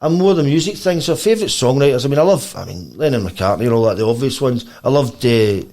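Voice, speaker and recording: A Scottish man talks as a guest on a podcast. His delivery is rapid and rambling, full of restarts. His pitch sits in an average range for a man. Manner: animated storytelling. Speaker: guest musician. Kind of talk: casual podcast chat.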